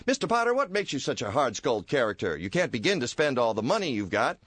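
A man voicing an excited twelve-year-old boy in a one-man radio play parody, with a shrill voice. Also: fast talker, dry recording. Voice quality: high, shrill.

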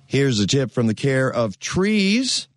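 A man's voice: medium pitch, big pitch swings, slow, over music. A man hosting a radio gardening show, chatting in a folksy, jokey way and reading sponsor spots into a studio microphone.

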